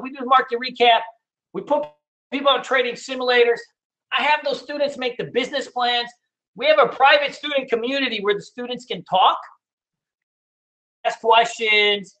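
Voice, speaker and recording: A man with a very high voice gives a casual sales pitch for his trading course. His tone is bright and forceful, and he talks bluntly to the audience, swearing freely. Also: poor audio. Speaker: day trading instructor.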